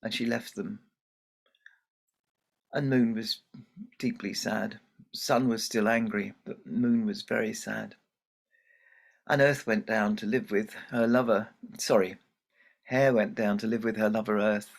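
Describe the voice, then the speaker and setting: A man telling a folktale at a storytelling festival, gentle and unhurried with self-deprecating asides. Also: on the low side, steady tone, creaky. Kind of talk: oral storytelling performance.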